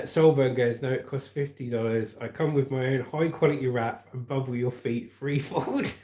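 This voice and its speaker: Hosting a relaxed news livestream, an English man with a southern accent speaks in a mid-range voice with a darkish tone, and the sound is roomy. He reads out his viewers' comments, laughs at them, and chats back warmly, addressing people as "mate."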